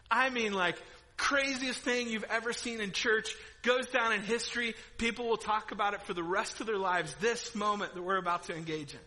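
A middle-aged man preaching a sermon in a church auditorium, with a bright, ringing tone that sits high for a man. He tells stories with animated energy, laughing and breaking into sudden loud outbursts. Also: fairly quick, low-quality recording. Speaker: pastor.

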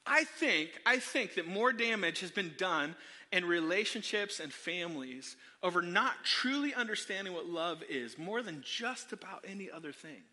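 A middle-aged pastor delivers a sermon full of animated, self-deprecating personal stories at normal speed, frequently turning to the crowd. His voice is high for a man, bright and sharp, with long reverb from a large church hall.

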